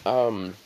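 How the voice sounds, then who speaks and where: A young man slowly retelling a fan-made story off the cuff, halting with fillers and clearing his throat. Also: lowish voice, darkish tone. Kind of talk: improvised fan-fiction retelling.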